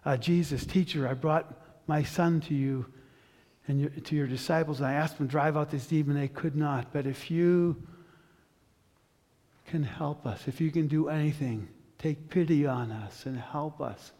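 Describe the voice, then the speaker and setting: Brief: male preacher as an anxious father begging for help, rushed and stumbling, reverberant room. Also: fairly high pitch, dark tone. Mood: pleading. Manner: hurried, halting plea. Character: desperate father pleading for his son.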